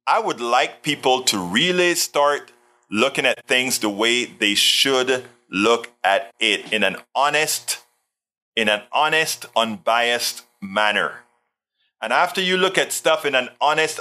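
A man's voice: mid-range voice, sharp tone. A man hosting a livestream, reading viewer comments aloud and answering them in emphatic, casual political commentary, often repeating himself. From Hawaii.

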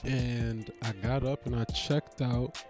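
A man's voice: medium pitch, fairly even intonation, slow pace, music in the background. A man hosting a podcast, rambling in a casual solo monologue with slangy, profane storytelling and repeated phrases. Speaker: podcast host.

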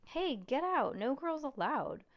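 Woman voicing a bratty young boy, storybook reading, blustering, jumpy, a bit low. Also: normal speed, clear, resonant tone, close to an everyday voice. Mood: teasing. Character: cocky young boy, easily scared.

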